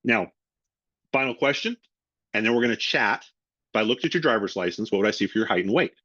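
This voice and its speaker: A middle-aged sales trainer delivers a spirited webinar, acting out both the caller's and the customer's lines himself. His voice sits on the low side, husky and fast. The audio is dry with no room sound, a little dull and lo-fi.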